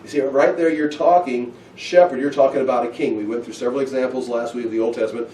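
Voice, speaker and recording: A man teaching through a Bible passage, talking casually and acting out the scenes with lively bursts. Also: mid-range voice, quick pace, a little hiss or hum. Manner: animated, acts out scenes with excited outbursts. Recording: echoey room, heard from a distance.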